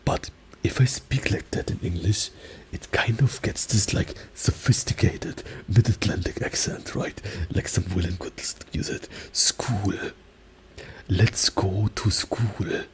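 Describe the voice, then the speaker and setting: Man, German accent, native German speaker, soft-spoken ASMR, gentle whispering, slightly low pitch, faint background noise. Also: normal speed, poor audio. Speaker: ASMR creator. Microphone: binaural microphone.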